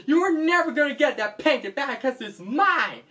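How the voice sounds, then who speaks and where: A storyteller voicing a greedy, thieving villainess who shouts that everything is hers. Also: sits high, animated, moderate pace, pitched above the performer's own voice. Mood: defiant. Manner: defiant, possessive shouting.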